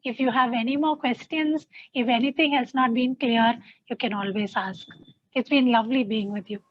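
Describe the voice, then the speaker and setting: A woman's voice: a little high, steady tone, moderate pace, a little hiss or hum. A woman counselor giving an earnest sermon-style talk on a video call, repeating phrases for emphasis. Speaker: guest speaker, counselor. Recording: dull, dry video-call audio.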